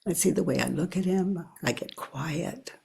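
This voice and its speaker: An older woman talks through a guided self-inquiry in a very husky, breathy voice with a gravelly edge. She moves slowly and reflectively, pausing to think aloud. She often lets her voice sink to a hush. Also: lowish voice. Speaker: spiritual teacher.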